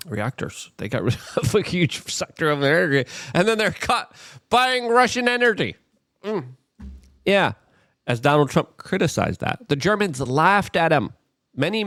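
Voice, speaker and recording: A man hosting casual political commentary, animated and full of mocking asides, often jumping into high exaggerated voices to imitate others. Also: creaky, no echo.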